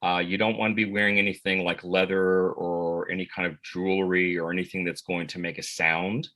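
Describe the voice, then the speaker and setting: An American man who works as an actor and voice actor, answering interview questions in a relaxed, rambling way with many fillers and restarts. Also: low voice, fairly quick, rough recording. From United States.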